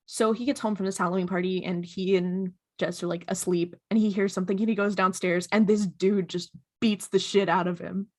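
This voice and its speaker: A woman co-hosting a casual rewatch podcast, with a voice of middling pitch. She is chatty and sarcastic and laughs often as she retells the story. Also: steady tone, a little fast, hardly any pauses, darkish tone. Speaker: podcast co-host. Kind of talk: casual rewatch recap chat.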